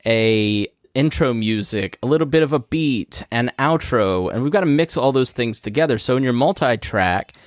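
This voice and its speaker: Animated and mid-range, a man's voice flows at normal speed with few pauses. He's a podcast host in his studio, conversationally walking listeners through a topic step by step. His studio mic goes through a podcast mixing board, and there's no echo.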